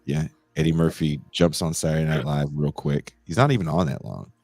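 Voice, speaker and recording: A man's voice: rumbling low, no room sound, faint music behind. A man hosting a podcast, chatting casually and animatedly about old movies. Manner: animated, laughing, quick asides. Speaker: podcast host.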